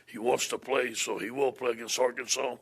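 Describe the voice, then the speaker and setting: A man with a gravelly, husky voice speaks as a head football coach at a press conference. He is plain-spoken, repeating and restarting his words as he goes. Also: medium pitch, steady tone, brisk.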